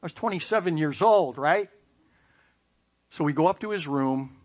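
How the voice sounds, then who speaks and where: A man telling a personal story with self-mocking humor, lively sound effects and playful asides. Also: fairly high pitch, normal speed. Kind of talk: personal anecdote.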